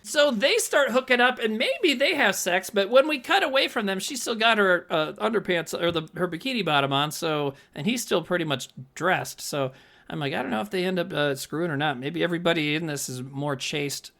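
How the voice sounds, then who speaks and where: Man, gravelly, bright, very lively pitch, laughs a lot, acts out scenes. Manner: animated, laughs often, acts out scenes in quick voices. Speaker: podcast co-host. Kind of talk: casual movie-review chat.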